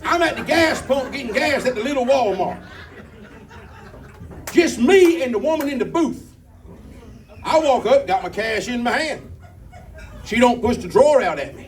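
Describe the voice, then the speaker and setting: On a comedy club stage, a man with an extremely high voice tells folksy stories, bantering with the crowd and singing a few comic bits. He talks at a moderate pace with lively intonation and long pauses. The distant mic catches audience laughter and guitar.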